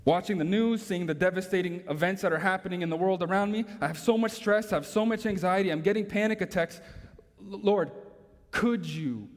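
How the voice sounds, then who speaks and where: A man's voice: high voice, fast, hardly any pauses. A man preaching a sermon as pastor, emphatic, drawing in listeners with rhetorical tag questions. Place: church sanctuary. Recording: long reverb from a large hall.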